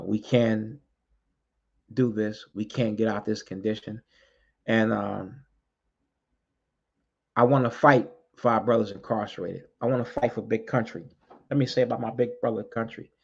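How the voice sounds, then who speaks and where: A man's voice: mid-range voice, normal speed, gravelly, long pauses. A man giving an impassioned address to his community, preaching bluntly, swearing freely and repeating key lines for emphasis. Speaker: community activist addressing street groups. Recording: dull lo-fi recording.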